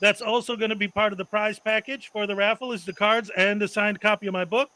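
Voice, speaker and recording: A man's voice: sits high, fairly even intonation, fast talker, sharp tone, poor audio. A man hosting a casual livestream, chatting loosely and laughing often as he shows off prizes. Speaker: host.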